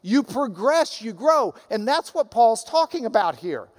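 A man preaching a sermon as pastor, animated, dropping to soft asides. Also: very high-pitched, a little slow. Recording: long hall reverb.

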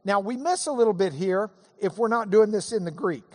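A man preaching a sermon in a lively, conversational way, breaking off for quick asides as he teaches. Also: high-pitched. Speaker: pastor. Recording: long hall reverb.

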